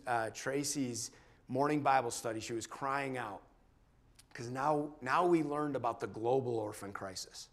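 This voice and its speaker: Brief: man giving a church testimony, earnest and halting, mid-range voice, restarts often. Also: mid-range voice. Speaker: church member sharing a testimony. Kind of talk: personal testimony talk.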